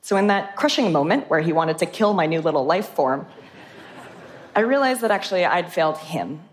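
Low-voiced woman telling vivid science stories. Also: animated, moderate pace, a little hiss or hum. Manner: vivid, enthusiastic storytelling. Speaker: microbiologist. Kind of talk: storytelling talk, stage and interview.

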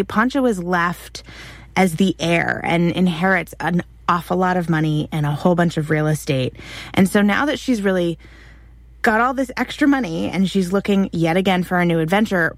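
A woman co-hosting a history podcast with a slightly low voice. She tells the story with open enthusiasm. The recording is very dry and close. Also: no room sound. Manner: enthusiastic, animated. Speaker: podcast co-host.

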